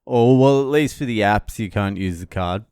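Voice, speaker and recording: A man's voice: lowish voice, moderate pace, clear, resonant tone, dry recording, studio quality. A middle-aged man swearing freely as he recounts a stressful arrival in a casual travel vlog. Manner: swearing, animated storytelling. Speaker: vlogger.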